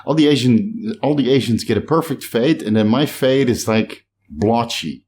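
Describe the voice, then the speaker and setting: A middle-aged bodybuilding channel host with a slight Dutch accent chats to camera at his home in a hot climate, answering viewer comments. He sounds animated at a moderate pace, with a medium-pitched, darkish voice, and he rambles and jokes at his own expense. He is from the Netherlands.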